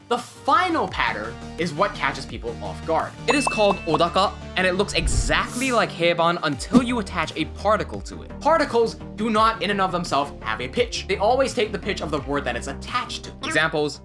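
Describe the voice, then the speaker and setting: A language teacher giving a scripted tutorial, explaining in a clear, methodical way. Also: mid-range voice, very animated, a little fast, hardly any pauses, music in the background.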